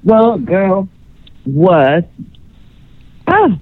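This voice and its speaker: A woman's voice: mid-range voice, very animated, drawn-out words, husky, dry recording. A woman calling in to a radio show, chatting in a flirtatious, rambling way. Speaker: caller. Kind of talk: casual phone chat. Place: Los Angeles. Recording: tinny dry phone line.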